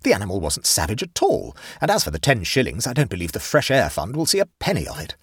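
A prim, exasperated middle-aged lady, as a male storyteller puts her on, raised a little above his usual voice and fussing stiffly. The tone is husky and the recording close and dry, with a lively, rising fluster running through her lines in this storybook reading. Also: fairly low pitch, fast, no echo, voice pushed down, heavily acted. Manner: reluctant, stiff, increasingly exasperated.

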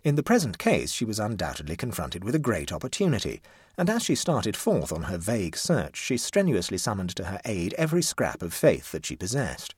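Husky, animated male storyteller. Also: fairly low pitch, a little fast, no echo, studio quality. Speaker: narrator. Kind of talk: audiobook narration.

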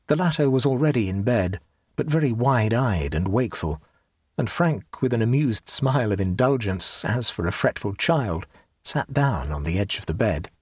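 A man narrating an audiobook in a measured, expressive storytelling manner. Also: medium pitch, breathy edge, no room sound, clean studio sound.

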